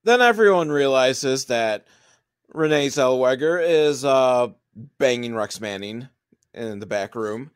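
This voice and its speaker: A man's voice: medium pitch, expressive, slow, smooth. A man giving a rambling, profane and mocking recap of a movie as a comedic reviewer. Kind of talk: sarcastic movie recap monologue.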